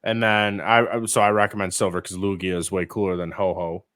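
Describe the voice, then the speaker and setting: A man's voice: fairly low pitch, fairly even intonation, quick pace, fairly bright tone, smooth. A man co-hosting a casual gaming podcast, rambling with fillers and swearing.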